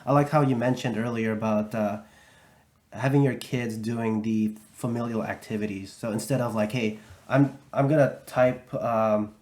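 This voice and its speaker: A man's voice: mid-range voice, fairly even intonation, normal speed, a little mellow. A man hosting a podcast, chatting casually and agreeing, thinking aloud with fillers.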